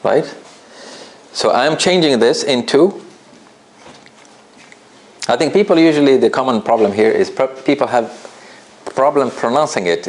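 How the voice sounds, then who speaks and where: A man with a mid-range voice leads a recitation class in a relaxed, chatty manner. He frequently checks that students follow with a quick "right?" and puts questions directly to them.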